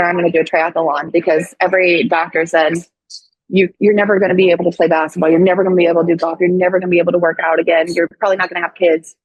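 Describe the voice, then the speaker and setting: Woman, 30s, from Missouri, casual animated guest storytelling, lowish breathy tone. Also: dry recording, highs cut off. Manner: animated, acts out quoted voices, frequent "like". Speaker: podcast guest, chiropractor.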